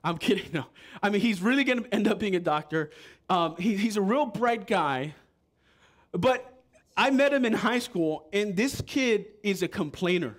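A man preaching a sermon as pastor, animated and joking with the congregation. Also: sits high, moderate pace. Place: church.

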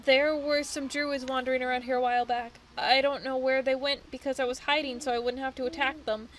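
Woman playing a dryad in a game, raised higher than her own voice and louder, snappy then sorry, mind all jumbled. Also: little pitch movement, brisk, slight background noise, lightly acted, low-quality recording. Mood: confused. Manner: swings between hostility and apology. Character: rage-addled female dryad, tree spirit, erratic and snappish. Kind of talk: reading game dialogue aloud.

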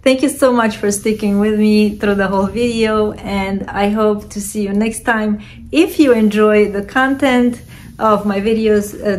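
A woman vlogger casually unboxing and reviewing secondhand handbags, talking in an unhurried, hesitant way with many fillers. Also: mid-range voice, a little hiss or hum. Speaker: reseller vlogger.

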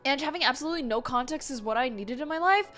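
A young woman gives casual let's-play commentary in a high, bright voice that swings widely in pitch. She is easily spooked and chats to the game and her viewers, gasping and exclaiming as she goes, with faint music playing behind her. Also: lively intonation, fast. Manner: easily startled, talks to the game and chat, gasps and exclaims. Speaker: gaming channel host.

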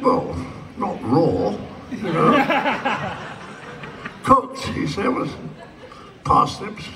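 A man's voice: medium pitch, a bit bright, slight background noise. An older man speaking as a convention guest, telling a rambling story to a live audience with dry humor and acting out the dialogue. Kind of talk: stage anecdote for a live audience. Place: large convention hall stage. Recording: distant hall pickup with faint crowd ambience.

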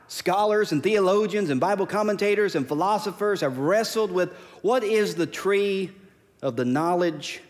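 A man's voice: a little high, big-room sound. A pastor preaching a sermon, emphatic and repeating his key phrases. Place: church sanctuary.

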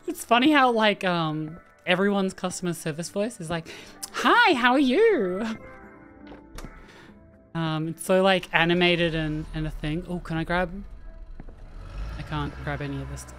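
A woman casually talking through a horror game as she plays, thinking aloud and chatting to the characters on screen. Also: sits low. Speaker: gaming streamer. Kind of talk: casual let's-play commentary. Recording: faint game music behind.

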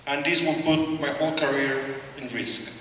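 A middle-aged man with a Mexican Spanish accent speaks at a podium. His voice is bright and forceful, and he talks haltingly with joking asides. He is heard from some distance in a large, echoing hall. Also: fairly high pitch, fairly even intonation, a little hiss or hum. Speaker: award recipient giving an acceptance speech. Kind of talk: informal acceptance speech. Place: large hall at an awards ceremony. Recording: echoey hall, voice from far off.

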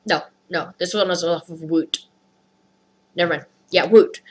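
A woman's voice: fairly low pitch, measured pace, poor audio. A woman vlogger ranting through a storytime with heavy swearing, upset and rattled. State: upset, skin crawling. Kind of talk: storytime rant.

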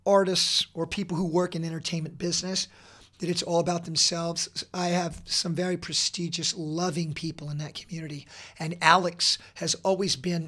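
A middle-aged man talking as a podcast guest, earnest and energetic, with many fillers and restarts. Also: high voice. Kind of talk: casual interview talk.

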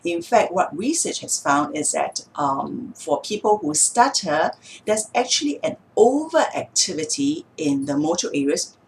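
Low-voiced woman explaining calmly. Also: a little hiss or hum, poor audio. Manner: patient, explains step by step with examples. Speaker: speech therapist. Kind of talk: explanatory video talk.

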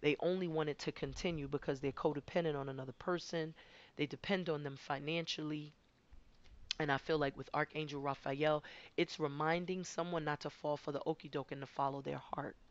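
A woman's voice: deep voice, fairly even intonation, a little fast, highs cut off. A woman giving a conversational spiritual tarot reading, rambling and often repeating her words. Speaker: tarot card reader.

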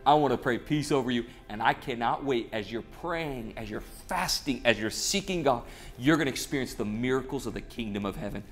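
A man's voice: mid-range voice, animated, fairly quick. A man speaking as a pastor in a short online devotional sermon, earnest and conversational, retelling scripture with animation.

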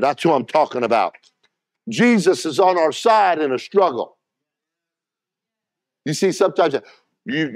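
A man's voice: fairly low pitch, dry recording, studio quality. A middle-aged man preaching a sermon as pastor, talking plainly and directly to the congregation and calling for responses.

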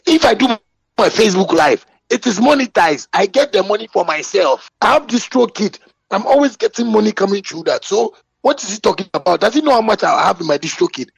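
A man's voice: lively intonation, normal speed, vocal fry, slightly rough, dry recording, poor audio. A man from Ghana with a Ghanaian English accent, ranting indignantly and bragging as he answers a critic. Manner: indignant, bragging, rising pitch when worked up. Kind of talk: heated boastful rant.

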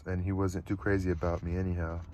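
A man reading a novel aloud for an audiobook channel, quick and even, with small slips and restarts. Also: sits low, slight background noise. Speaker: audiobook reader.

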